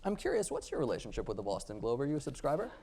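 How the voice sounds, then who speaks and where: A man's voice: mid-range voice, huge pitch swings, very fast, gravelly, warm tone. A man interviewing a politician, asking questions and reading out old headlines with a wry tone.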